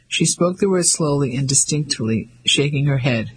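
A man reading a novel aloud in steady scripted narration. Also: on the high side, normal speed, a little hiss or hum, poor audio. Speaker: audiobook narrator.

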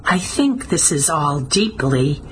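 A woman's voice: deep voice, big pitch swings, slow, a little hiss or hum, exaggerated voice. Woman voicing an uneasy earnest man. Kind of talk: audiobook character voice.

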